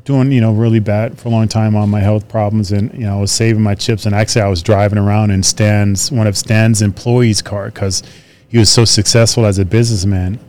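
A man's voice: lowish voice, fairly quick, a little hiss or hum. A man and retired officer in casual conversation, telling stories and acting out dialogue with laughs. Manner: animated storyteller who acts out dialogue with laughs. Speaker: retired officer and trainer reminiscing.

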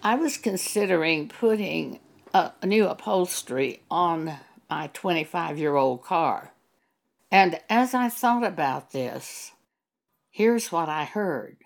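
A woman preaching a sermon in a slow, measured teaching manner. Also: sits low, lively intonation, gravelly. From Texas.

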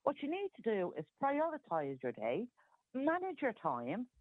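A woman's voice: fairly high pitch, huge pitch swings, moderate pace, no room sound. A woman calling a radio show, playful and bossy, heard over a phone line. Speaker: caller. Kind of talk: phone-in chat.

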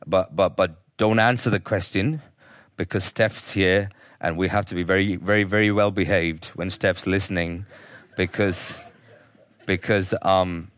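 A man preaching a sermon in a church, conversational, moving between emphatic peaks and quiet, intimate asides to the congregation. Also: sits low, no room sound, clean studio sound. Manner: acts out quoted voices in the congregation's head. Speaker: pastor. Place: church service.

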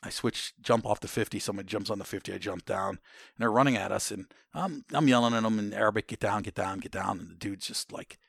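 A man's voice: lowish voice, quick pace, vocal fry, fairly bright tone, slightly rough, no room sound, clean studio sound. A man from the United States, a military veteran, telling war stories in a conversation, blunt, swearing, and rambling through restarts and fillers. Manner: rambling, with many restarts and "you know" fillers.

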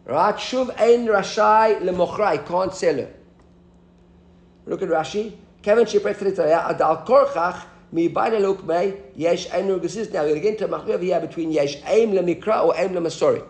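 A man's voice: sits high, darkish tone, reverberant. A man teaching a Talmud class, explaining the text and asking his students questions as he goes.

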